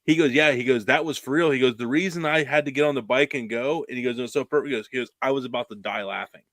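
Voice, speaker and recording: A man's voice: medium pitch, fast talker, fairly bright tone, no echo. A man hosting a podcast, telling rambling stories in casual chat. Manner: rambling storyteller, lots of "like" and restarts. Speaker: podcast host.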